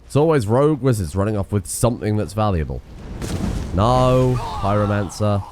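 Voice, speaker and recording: A man's voice: on the low side, animated, normal speed, noisy background. A man streaming a game, giving sarcastic, sweary casual commentary while feeling under the weather. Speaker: gaming streamer.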